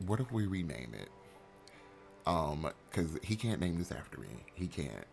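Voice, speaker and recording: A man's voice: deep voice, very animated, a little slow, vocal fry, a little mellow, faint music behind. A man casually commentating his life-sim gameplay, rambling and joking with many fillers. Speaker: let's play host.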